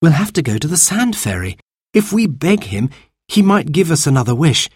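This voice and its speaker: A man voicing an earnest young girl, the eldest sister, in a storybook reading, pleading and bright. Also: a little high, sing-song, normal speed, slightly rough, dry recording, clean studio sound, pitched above the performer's own voice.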